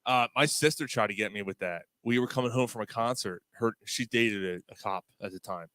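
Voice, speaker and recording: A middle-aged man hosting a casual talk show, telling stories in an animated way, laughing often and swearing freely. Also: lowish voice, a little fast, no echo. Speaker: podcast host. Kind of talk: casual chat.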